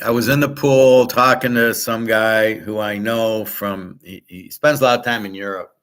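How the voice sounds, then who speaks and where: A man's voice: fairly low pitch, fairly bright tone. A man hosting his own show, talking off the cuff in a blunt, scornful and profane way, acting out both sides of his stories. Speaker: sports handicapper and show host. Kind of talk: unscripted ranting monologue.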